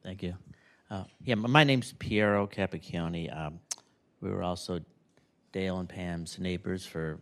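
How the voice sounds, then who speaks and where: A man speaking at a memorial service in a retirement community room, telling rambling, animated stories about a late neighbor. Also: low voice, unhurried. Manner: rambling, animated anecdotes with acted-out quotes. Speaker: neighbor giving a eulogy.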